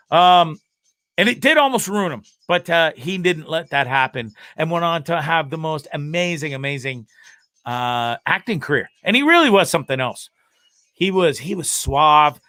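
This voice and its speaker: A man with a bright, forceful voice pitched a bit above the usual, hosting a live web show in a casual, profane way. He rants and laughs freely between topics. The sound is dry and close. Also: dry recording. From Canada. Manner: profane, ranting and laughing often. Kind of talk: casual live-stream chat.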